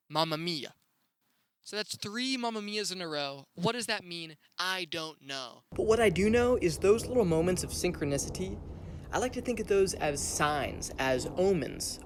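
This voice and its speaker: Bright, laid-back young man. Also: on the high side, clean tone, no room sound. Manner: laid-back, chatty, with excited rises. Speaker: podcast host. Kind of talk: casual solo storytelling.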